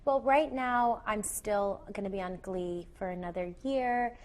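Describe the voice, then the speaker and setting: A young actress answering TV interview questions in a chatty way, full of "you know" fillers. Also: female voice, mid-range voice, a little slow, a little hiss or hum. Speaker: actress and singer, interview guest.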